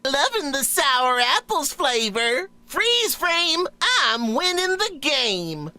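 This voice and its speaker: A woman's voice: high voice, very animated, slow, pushed and bright, full character voice. A bubbly, punny ice cream man. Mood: cheery. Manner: bouncy, playful catchphrase delivery. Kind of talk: game character voice lines.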